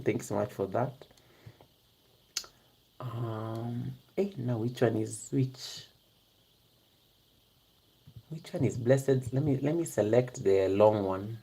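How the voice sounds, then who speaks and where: A YouTuber chatting casually to a live-stream chat in a hushed half-whisper, giggling often and addressing viewers by name. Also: medium pitch. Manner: talks straight to viewers in the chat.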